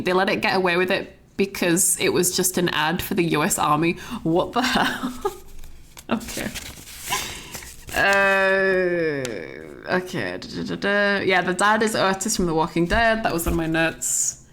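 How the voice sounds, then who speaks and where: Chatting on stream, a young woman goes off about a movie she's just watched in a loose, conversational way, full of rambling, plenty of swearing and constant "like"s. Her lowish voice is a bit bright, with lively intonation and a measured pace.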